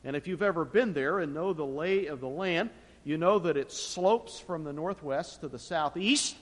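A man preaching a sermon with emphatic, dramatic swings in pitch and loudness. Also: normal speed. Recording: long reverb of a large hall.

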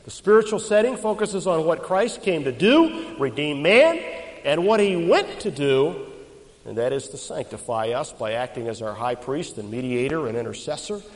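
A male preacher with a high, animated voice that rises and falls dramatically. He speaks emphatically and tosses questions out to the congregation. His words ring out with the long reverb of a large church. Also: normal speed. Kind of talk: expository sermon.

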